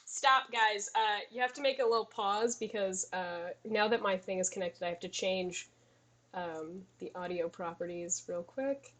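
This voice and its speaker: A woman running a tabletop game, narrating a scene with an unhurried, searching delivery. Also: mid-range voice, fairly even intonation, fairly bright tone, a little hiss or hum. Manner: unhurried, with fillers and restarts. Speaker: game master.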